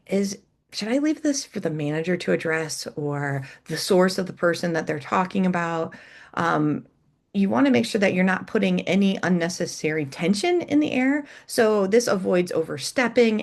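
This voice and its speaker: A middle-aged woman presenting an educational webinar, coaching listeners and demonstrating how emphasis changes meaning. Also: mid-range voice. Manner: warm coaching tone, reads chat aloud, demonstrates emphasis.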